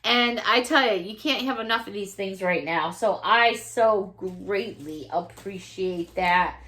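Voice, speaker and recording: A woman's voice: medium pitch, unhurried, fairly bright tone. A middle-aged woman chatting casually to camera as a YouTuber opening fan mail, effusive and full of thanks and exclamations.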